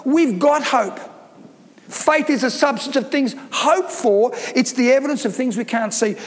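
High-pitched emphatic preacher in a hall. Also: male voice, measured pace. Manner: emphatic, preaching with rising intensity. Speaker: pastor. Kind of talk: sermon. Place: church hall. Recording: reverberant church hall.

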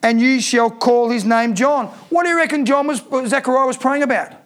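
A man's voice: extremely high pitch, brisk, a bit bright. A man preaching a sermon, emphatic and repeating key lines for effect.

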